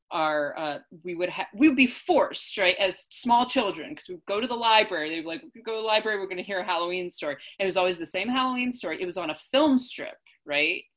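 A young woman from upstate New York, co-hosting a casual chat and telling stories in an animated way. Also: lowish voice. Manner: chatty, animated storytelling with laughs.

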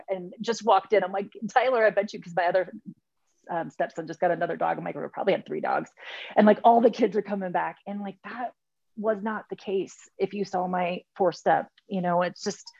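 Rambling woman with a gravelly voice. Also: medium pitch, a little fast, a little mellow, no echo. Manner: rambling, many fillers and restarts. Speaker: speaker sharing at a recovery meeting. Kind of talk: heartfelt personal share. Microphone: video call. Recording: dull lo-fi video call audio.

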